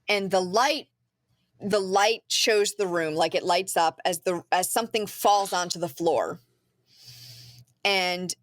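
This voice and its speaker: A woman's voice: on the low side, no echo, clean studio sound. A woman podcast host in casual chat, recapping a film scene by scene, with lots of "um" and "like". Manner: chatty storyteller with frequent "um" and "like".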